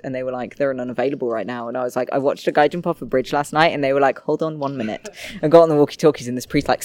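Animated man telling a story. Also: medium pitch, no echo. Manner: animated, swearing, self-mocking. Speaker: interview guest. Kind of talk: storytelling in conversation.

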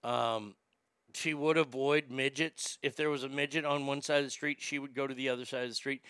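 A man's voice: mid-range voice, steady tone, brisk, fairly bright tone, clean tone, dry recording. A man casually telling candid, profane, rambling stories to a familiar audience. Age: adult. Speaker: storyteller.

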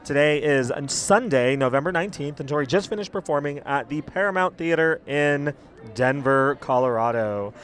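A man's voice: on the high side, animated, normal speed, a bit bright. A man hosting a casual after-show podcast, talking with enthusiasm and sounding a little sick, recorded outdoors in a city. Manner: enthusiastic, chatty. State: sick, cold. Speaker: podcast host.

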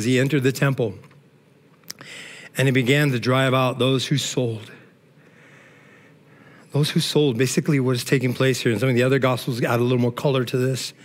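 A middle-aged male pastor preaching a sermon in an emotional, conversational way, often tossing in "man" and "all right". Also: medium pitch.

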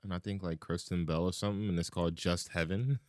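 A man co-hosting a podcast, recapping movies in a wry, deadpan way during casual banter. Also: deep voice, fast talker, no room sound, clean studio sound. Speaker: podcast co-host.

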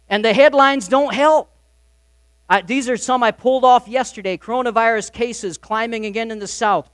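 High-voiced preacher man, dry and close. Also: no echo. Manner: emphatic preaching, swinging between loud and soft. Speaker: pastor. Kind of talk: sermon.

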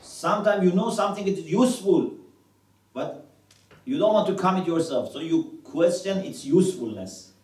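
A man's voice: high voice, animated, normal speed, darkish tone, echoey room, distant mic, rough recording. A man teaching a religious class, quoting scripture in Arabic and asking his students questions. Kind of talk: classroom lecture.

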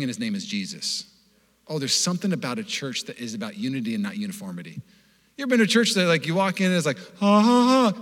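A young man from Washington state preaching a sermon as pastor, animated and joking in a conversational way. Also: medium pitch. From Washington state, USA. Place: church hall. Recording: long hall reverb.

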